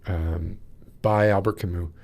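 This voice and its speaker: A man's voice: low voice, fairly even intonation, measured pace, a little mellow. A man hosting a podcast livestream, rambling with many fillers as he greets people in the chat and then reads a short text aloud. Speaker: podcast host. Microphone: wears in-ear monitors.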